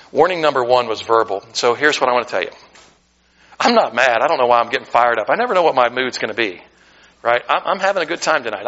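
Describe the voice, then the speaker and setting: Fervent, bright-voiced American preacher. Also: male voice, mid-range voice, poor audio. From United States. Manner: fervent preaching with self-deprecating joking asides. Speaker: pastor. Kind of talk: sermon. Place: church sanctuary.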